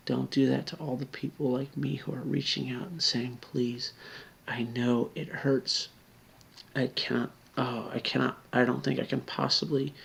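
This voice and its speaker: A man's voice: mid-range voice, gravelly, a bit bright, husky. A drunk man, near tears and slurring, earnestly pleading with viewers and often dropping to a whisper. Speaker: video blogger. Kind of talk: emotional direct-to-camera appeal.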